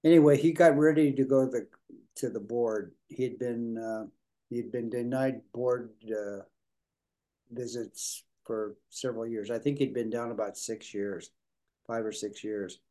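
An older priest talks through his answers in a mellow, warm voice at a middle pitch. He stops and restarts often, repeating words and filling gaps with "you know" and "uh". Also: fairly even intonation. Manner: halting, repeats words, many fillers. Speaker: Episcopal priest, prison minister. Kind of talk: conversational interview answers.

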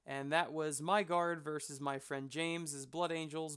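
A man's voice: fairly high pitch, little pitch movement, a little slow, a bit bright, clean tone. A man hosting a hobby channel, chatting casually to the camera in an enthusiastic, rambling, self-deprecating way.

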